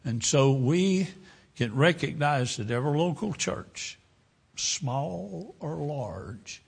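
Gravelly-voiced preacher in his seventies. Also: on the high side, expressive. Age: 70s. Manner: folksy storytelling, drawn-out pauses. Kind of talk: sermon with a personal story.

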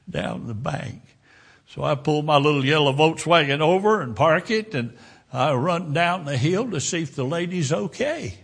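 A man preaching a sermon, telling a story in a folksy, unhurried way. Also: fairly high pitch, gravelly, a bit bright, husky. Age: 70s. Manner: folksy storytelling, drawn-out pauses.

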